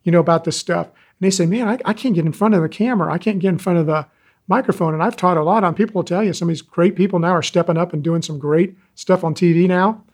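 A man in his sixties, an animal rescuer telling stories in an interview, animated and folksy. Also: high-pitched, fast talker. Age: 60s. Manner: animated, folksy storyteller, acts out quoted callers. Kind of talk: interview talk, storytelling.

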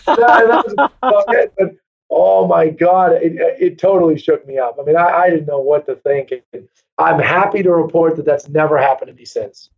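A man who runs a real estate brokerage, telling lively stories in a casual interview and acting out quoted voices. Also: fairly high pitch, moderate pace, creaky. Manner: animated storyteller, acts out quoted voices. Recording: dull lo-fi sound.

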